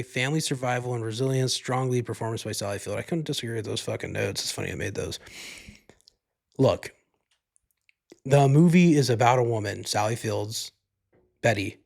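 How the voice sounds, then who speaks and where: A man's voice: mid-range voice, moderate pace, gravelly, a little mellow. A man hosting a podcast, giving a casual movie review in a rambling, profane way, full of "like" and "you know". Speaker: podcast host.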